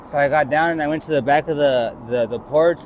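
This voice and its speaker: On a street with traffic audible, a man with a brisk, slightly mellow voice on the high side gets interviewed. He wanders through a personal story, acting out the quoted voices of others.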